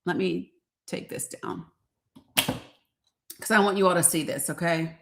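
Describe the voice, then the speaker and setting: A woman's voice: fairly low pitch, measured pace, vocal fry, noisy background. Frustrated woman hosting a live stream. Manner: rambling, frustrated, talks straight to viewers. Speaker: livestream host. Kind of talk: casual live-stream chat.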